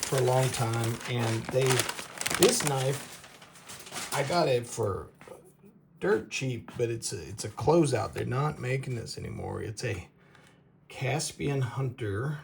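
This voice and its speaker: Man, casual knife review, halting and rambling, slow delivery, faint background hiss. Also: medium pitch, lively intonation, gravelly. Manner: rambling, halting, stumbles over names with laughs. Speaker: knife reviewer, show host.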